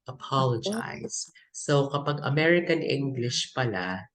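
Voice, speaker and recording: A woman's voice: rumbling low, takes it slowly, poor audio. A woman coaching English test vocabulary, listing word pairs and slipping into Tagalog asides. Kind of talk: teaching vocabulary in a lesson.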